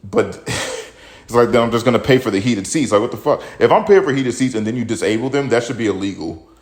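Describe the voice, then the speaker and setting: A young man with a mid-range voice speaks briskly as host of his own opinion podcast. Slightly out of breath, he delivers a blunt, profane rant about the news in casual commentary.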